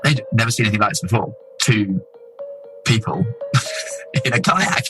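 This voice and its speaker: A man from England with a lowish voice, recounting an adventure in a lively, casual way. A music bed plays underneath him. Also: moderate pace, rough recording. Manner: lively, animated storyteller. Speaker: explorer guest. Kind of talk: casual storytelling.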